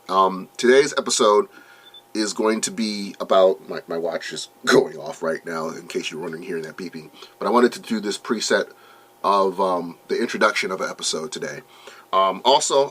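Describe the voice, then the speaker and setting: A man's voice: fairly low pitch, fairly bright tone. A man in his thirties hosting a podcast, casual and rambling with lots of ums and restarts, his voice a little worn. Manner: rambling, many fillers and restarts. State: losing his voice. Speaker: podcast host. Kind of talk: casual solo podcast intro.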